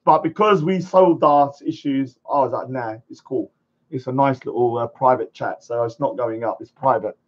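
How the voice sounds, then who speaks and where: A man hosting a live stream, chatting casually and rambling, sometimes shouting at viewers. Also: mid-range voice, moderate pace. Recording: dull lo-fi stream audio.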